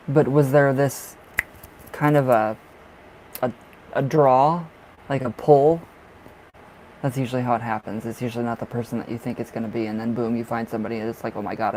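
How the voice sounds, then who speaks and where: A man's voice: mid-range voice, darkish tone, a little hiss or hum, poor audio. A man doing a live tarot reading who chats casually with viewers, gushing and affectionate, often restarting and repeating himself. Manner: chatty with frequent restarts and repeats. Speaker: tarot reader. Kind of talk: casual livestream chat.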